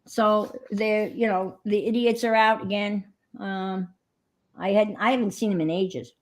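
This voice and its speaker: A woman hosts a crafting livestream in a chatty, rambling way. Her voice sits at an ordinary middle pitch. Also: fairly even intonation, unhurried, a little mellow. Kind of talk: casual chat. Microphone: computer mic on a livestream.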